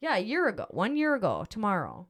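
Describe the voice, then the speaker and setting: A woman's voice: mid-range voice, wildly swooping pitch, quick pace. A middle-aged woman hosting a podcast, telling a personal story in a rambling, emotional way with lots of fillers. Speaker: podcast host. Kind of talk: casual storytelling chat.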